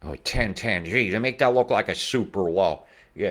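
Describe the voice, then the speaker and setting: A man in his forties giving rambling weather commentary over maps, who swears freely and swings from mumbling asides to loud outbursts. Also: on the low side, moderate pace. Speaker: weather video host.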